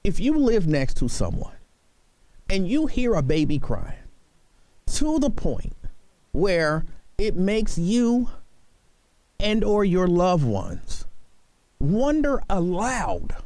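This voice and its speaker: A man's voice: high voice, big pitch swings, takes it slowly, pauses often, a little mellow, dry recording. A man hosting a talk radio show, speaking earnestly and pleading with his listeners, repeating himself for emphasis. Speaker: radio host.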